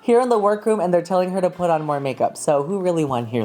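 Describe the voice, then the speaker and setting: A man's voice: a little high, fairly quick, hardly any pauses, a little mellow. A man hosting a casual, campy reality-show recap chat. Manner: chatty and campy, playful wordplay. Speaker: drag race recap host.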